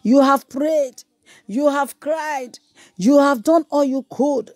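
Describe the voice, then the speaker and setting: High-voiced woman evangelist preaching. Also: takes it slowly, no echo, clean studio sound. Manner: emphatic and repetitive, shifting into loud praying in tongues. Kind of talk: sermon and fiery prayer.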